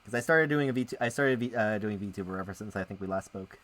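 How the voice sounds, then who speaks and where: This male VTuber speaks fast in a lowish, slightly bright voice. While he plays through and reads a visual novel on a casual live stream, he chats with his viewers, rambling and frequently interrupting himself.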